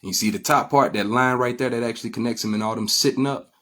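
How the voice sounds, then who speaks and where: A man's voice: mid-range voice, fairly even intonation, fast, fairly bright tone. Preachy man with repetitive questions. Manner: preachy, repetitive, asks listeners "get my drift?". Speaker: spiritual teacher. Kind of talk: informal lecture, explaining images.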